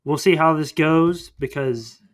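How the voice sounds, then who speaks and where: A man's voice: on the high side, measured pace. A man hosting a podcast, casually recapping a movie in a rambling way full of fillers. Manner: rambling, filler-heavy retelling. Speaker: podcast host.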